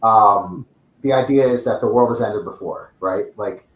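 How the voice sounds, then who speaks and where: A man's voice: on the low side, normal speed, a bit bright. A man, a book author and podcast guest, chatting easygoingly, laughing often and chiming in with short reactions. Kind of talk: casual chat. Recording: roomy echo.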